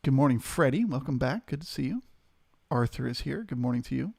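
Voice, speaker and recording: A man's voice: mid-range voice, animated, fairly quick, vocal fry, darkish tone, no room sound. A man hosting a live trading stream, steadily talking through market levels and greeting viewers in chat.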